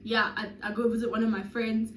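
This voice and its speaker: A South African woman in her twenties telling a storytime vlog with animated, dramatic delivery and sudden loud bursts. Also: fairly high pitch, fairly quick, a little hiss or hum. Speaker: YouTuber. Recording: roomy echo.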